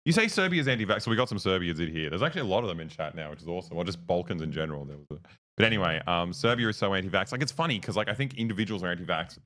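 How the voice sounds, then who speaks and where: A man's voice: low voice, a bit bright. A young man co-hosting a livestream who tells rambling stories in casual chat, full of fillers and restarts. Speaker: streamer, co-host.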